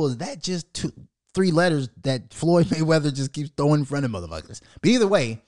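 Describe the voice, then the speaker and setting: A man's voice: mid-range voice, dry recording, studio quality. A man from Minnesota hosting his own show, ranting casually in a mocking, profane way and laughing often. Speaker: show host. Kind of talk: casual solo rant.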